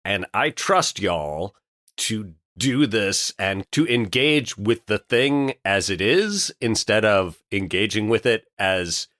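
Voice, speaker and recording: A man co-hosting a podcast, talking casually with animated, laughing banter. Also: on the low side, slow, no echo, clean studio sound. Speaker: podcast co-host.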